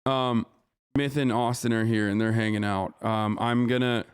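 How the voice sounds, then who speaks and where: A man's voice: medium pitch, steady tone, normal speed, clean tone. A man livestreaming, reacting to a news story with heated, profanity-laden ranting and scolding his chat. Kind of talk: live stream reaction commentary.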